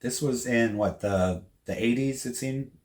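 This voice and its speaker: A man's voice: mid-range voice, a little slow, darkish tone. Easygoing man retelling a book. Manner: conversational, trails off and restarts, retells scenes. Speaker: podcast co-host. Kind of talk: casual book discussion.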